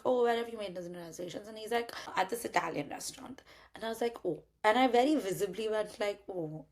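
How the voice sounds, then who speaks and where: A young woman from India tells a story in a loose, conversational way. She keeps switching into the voices of the people in it and swears casually as she goes. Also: mid-range voice. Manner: animated, acts out both sides of dialogue, swears casually. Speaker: podcast host telling a story.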